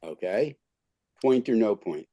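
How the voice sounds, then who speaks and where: A man's voice: lowish voice, expressive, measured pace, dark tone, dry recording. A man teaching an online skills class over a video call, talking informally and filling his speech with "okay" and "right". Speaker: skills trainer.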